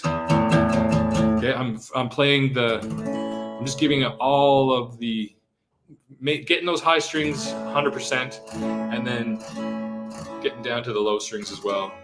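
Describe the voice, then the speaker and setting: A man's voice: mid-range voice, a bit bright. A man giving a live-streamed guitar lesson in a casual, chatty way, often checking in with "okay?" and counting beats aloud. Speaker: guitar teacher. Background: his own acoustic guitar strumming.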